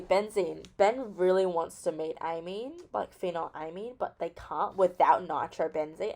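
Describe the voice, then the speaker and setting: Chatty young woman with lively pitch. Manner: chatty and playful, lots of fillers, thinks aloud. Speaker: student explaining chemistry. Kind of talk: casual study explanation as a story.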